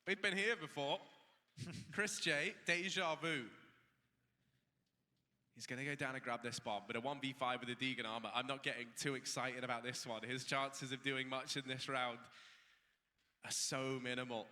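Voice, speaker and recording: A man doing color commentary on an esports match, calm in his analysis and rising when the action peaks. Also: mid-range voice, big-room sound. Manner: measured analysis that rises into excited calls.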